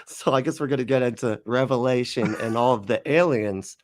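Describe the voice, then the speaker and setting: A man's voice: medium pitch, a little fast, no echo, studio quality. A man hosting a casual livestream reaction chat, laid-back, swearing and laughing often. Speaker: host.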